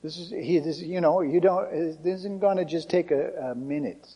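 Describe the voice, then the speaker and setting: A male pastor delivers a sermon in a conversational yet emphatic style. His voice sits a little higher than most men's, and he drives home his points with plain, direct phrasing. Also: moderate pace, husky, lo-fi sound.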